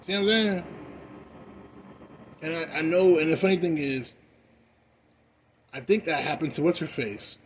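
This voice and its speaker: A young man ranting casually while high, profane and rambling, with loud bursts that drop to mumbling. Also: normal speed, long pauses, slight background noise. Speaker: vlogger. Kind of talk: casual rant.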